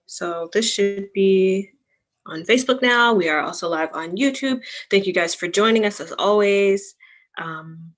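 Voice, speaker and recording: A woman's voice: medium pitch, measured pace. Chatty young woman hosting a livestream. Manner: chatty, rambling, many ums and likes. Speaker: book club host. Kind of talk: casual livestream chat.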